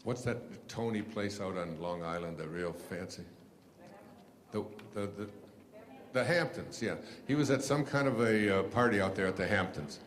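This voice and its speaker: A man telling stories to an audience in a rambling, halting way, with many fillers and restarts. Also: lowish voice, long reverb tail. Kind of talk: storytelling lecture.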